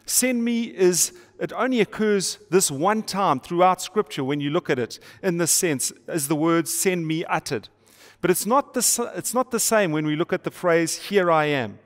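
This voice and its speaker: Emphatic pastor, long hall reverb. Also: male voice, high voice, normal speed. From South Africa. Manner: emphatic, repeats phrases and rhetorical questions, playful asides. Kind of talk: sermon to an online audience.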